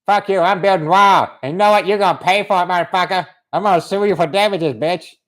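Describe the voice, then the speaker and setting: A man's voice: sits high, quick pace, a bit bright, pitched above the performer's own voice. A man doing a ranting, swearing wall-builder. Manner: broken English, constant swearing, ranting. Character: furious foul-mouthed man guarding his wall. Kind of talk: comic put-on voice on a livestream.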